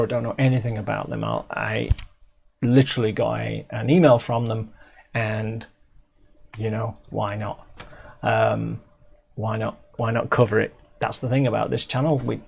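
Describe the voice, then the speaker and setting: A middle-aged man from England, speaking at medium pitch with vocal fry, gives a casual, chatty review of a music video. He restarts sentences frequently and pads the pauses with ums.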